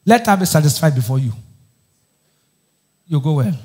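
Animated and moderately paced, a man with a fairly high but darkish voice preaches a sermon as pastor. He fires questions back at the congregation in call-and-response style, preaching with emphasis and frequently raising his voice.

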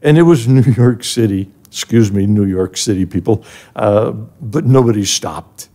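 Older male guest, gravelly, mellow tone; earnest personal storyteller. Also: on the low side, unhurried. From grew up in an African village. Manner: earnest and emotional, rising when moved. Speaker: guest, charity president emeritus. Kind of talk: personal storytelling in a podcast interview.

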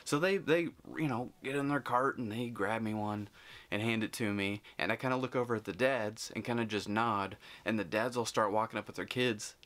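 A man vlogging, telling a story in an animated, chatty way and acting out the people in it. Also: fairly low pitch, moderate pace. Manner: animated, chatty, acts out quotes. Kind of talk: casual storytelling.

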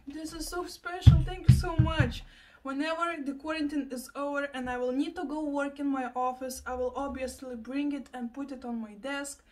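A young woman vlogger chatting casually while unboxing gifts, excitable and full of gasping exclamations. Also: high voice, slight background noise. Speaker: plant and lifestyle vlogger.

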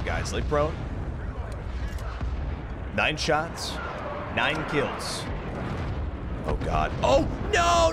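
Excitable man commentating gameplay over gunfire. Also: a little high, noisy background. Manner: excitable, swearing, jokey, big swings between yelling and mumbling. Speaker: gaming YouTuber. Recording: game gunfire and explosions behind the voice.

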